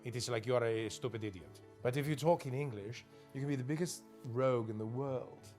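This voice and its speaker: A man's voice: medium pitch, a little fast, faint music behind. A man giving a documentary interview, telling comic stories with plenty of flair. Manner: animated, comic, does voices.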